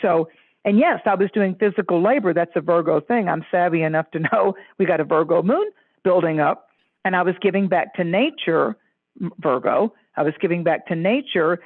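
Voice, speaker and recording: A woman astrologer, a guest, telling stories in an effusive, animated way and leaping into high voices when she quotes others. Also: no room sound. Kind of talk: animated storytelling chat. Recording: tinny phone-line audio.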